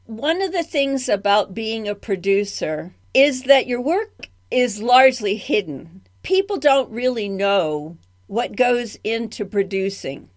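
A woman interviewing a guest, speaking in a reflective, thoughtful way and dwelling on the meanings of words. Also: medium pitch. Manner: reflective, talks about word roots. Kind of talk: radio interview.

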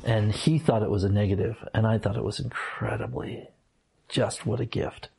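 A middle-aged man, a former minister, telling personal stories in an earnest, halting way with many restarts. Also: lowish voice, fairly even intonation, vocal fry, a little mellow, slightly rough. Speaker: former minister, interview guest. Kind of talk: reflective personal storytelling.

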